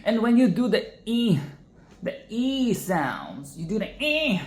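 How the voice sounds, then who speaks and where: Chatty woman teaching singing, slow easy talk, keeps jumping into little sung demos, room echo. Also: low voice, animated, a little mellow. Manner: chatty, self-interrupting, breaks into sung and exaggerated demonstrations. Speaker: singing tutorial host. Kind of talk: casual vocal lesson with sung demos. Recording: echoey room.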